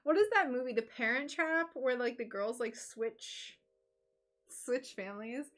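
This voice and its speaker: A woman's voice: on the high side, lively intonation, unhurried, fairly bright tone. A woman chatting casually on a livestream while crafting, thinking aloud and giggling often. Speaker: stained glass crafter streaming live.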